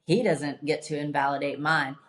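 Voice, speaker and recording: Low-voiced, blunt woman podcast host. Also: fairly even intonation, moderate pace, slight background noise. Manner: emphatic, blunt, swears freely. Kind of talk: candid casual chat.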